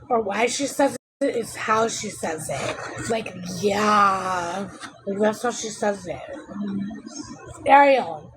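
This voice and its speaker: Lady ranting on a phone live stream, exasperated, lots of background noise. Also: on the high side. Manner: rambling and exasperated, complaining aloud. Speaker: livestreamer. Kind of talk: casual live-stream chat. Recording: noisy background hum.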